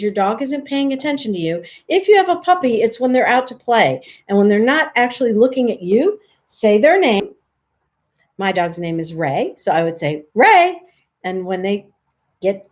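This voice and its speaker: A woman dog trainer giving a casual, friendly how-to talk, chatty and relaxed, lifting her voice high for sample calls. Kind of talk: casual instructional talk to camera.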